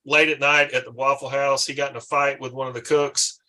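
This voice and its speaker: A man's voice: medium pitch, brisk. A man, hosting a casual drinking chat and telling a rowdy story with lots of swearing. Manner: animated storyteller, swearing freely. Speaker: podcast host.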